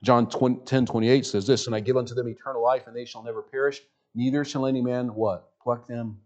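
A man preaching a sermon as pastor in a church, reading scripture slowly and swinging from loud emphasis to near-hushed speech. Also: mid-range voice, fairly even intonation, muffled recording. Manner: reads scripture slowly and deliberately. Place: church sanctuary with a sound system.

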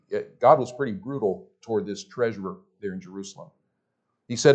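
A man's voice: on the low side, a little fast, lo-fi sound. A man with a Southern US accent preaching a sermon as pastor in a church, emphatic and prone to repeating his words. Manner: emphatic, repeats phrases, stumbles on restarts.

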